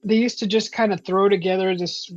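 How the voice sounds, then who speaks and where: A woman's voice: medium pitch, a little fast. A woman hosting a live stream, chatting casually and animatedly, acting out the voices in her stories. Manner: animated, acts out quoted voices. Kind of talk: casual storytelling chat. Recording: slightly dull stream audio with faint music.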